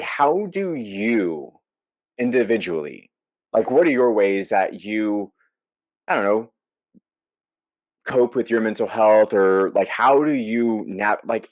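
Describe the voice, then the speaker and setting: Man, podcast host, low voice, dry sound, casual, rambling questions. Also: a little mellow, no room sound. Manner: rambling, self-correcting questions. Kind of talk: casual podcast chat, interviewing a guest.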